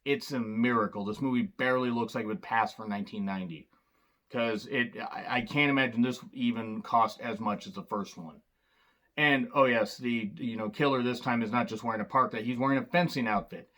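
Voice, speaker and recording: A man talks through a casual film review in a mid-range voice, neither high nor low. He rambles loosely and keeps dropping sarcastic jokes and asides. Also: fairly quick, a bit bright. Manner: loose and rambling, with fillers and restarts. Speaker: movie reviewer.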